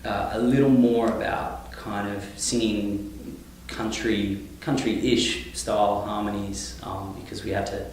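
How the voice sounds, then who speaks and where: Australian male guest, lower voice, loose and rambling, recorded far off in a very echoey space. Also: unhurried, slight background noise. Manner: relaxed, rambling, many fillers and restarts. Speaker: touring singer-songwriter, guest. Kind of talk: casual interview. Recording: echoey room, mic at a distance.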